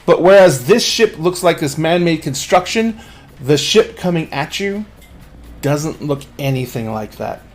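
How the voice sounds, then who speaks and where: A man's voice: fairly high pitch, lively intonation, measured pace, slight background noise. Man narrating a tabletop game. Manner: descriptive narration with frequent restarts. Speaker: game master.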